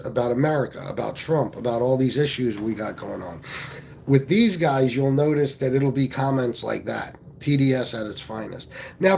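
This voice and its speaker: A blunt, foul-mouthed man from Pennsylvania chats on a casual livestream, reading out viewer comments and answering them straight. His voice sits at an ordinary middle pitch. A faint hiss of noise runs under the recording. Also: darkish tone. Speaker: livestream host.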